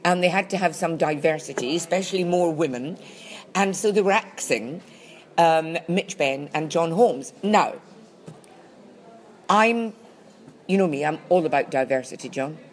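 A woman's voice: on the low side, expressive, moderate pace, pauses often. A woman co-hosting a comedy podcast in a dry, teasing, precise manner. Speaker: podcast co-host. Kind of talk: casual comedic chat.

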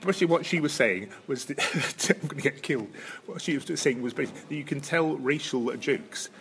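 A Scottish man with a Highland accent, chatting casually as a podcast co-host, rambling through restarts and chuckles. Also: a little fast, creaky, fairly bright tone, slightly rough. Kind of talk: casual chat.

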